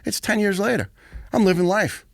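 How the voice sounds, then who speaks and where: A man in his fifties, a retired firefighter and podcast guest, telling stories in an animated, profane way and acting out the dialogue. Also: high voice, normal speed, creaky, no room sound, studio quality. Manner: animated, profane storyteller who acts out dialogue. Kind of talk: casual podcast conversation.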